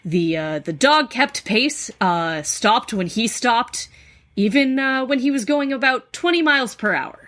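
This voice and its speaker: A woman from New England co-hosting a podcast, telling spooky folklore in a relaxed, casual way with plenty of ums and uhs. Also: on the high side, measured pace. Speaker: podcast co-host. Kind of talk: casual chat, storytelling folklore.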